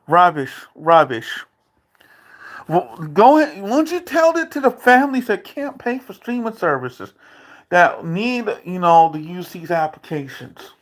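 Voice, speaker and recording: A man's voice: sits high, big pitch swings, unhurried. Furious man ranting at the camera. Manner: heated, profane, taunting, repeats phrases. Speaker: vlogger. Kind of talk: angry rant to camera. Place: dark room at home.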